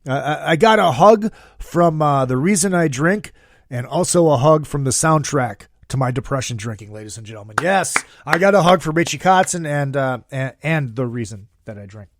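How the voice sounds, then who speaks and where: A man hosting a casual podcast, talking in a profane, excitable, jokey way. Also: a little high, moderate pace. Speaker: podcast host.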